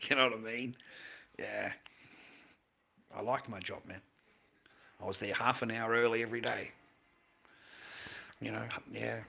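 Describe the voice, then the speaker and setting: A man's voice: lowish voice, vocal fry, sharp tone, breathy edge. A middle-aged man, chatting casually to his livestream audience in a blunt, profane, rambling way with frequent laughs. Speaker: livestream host.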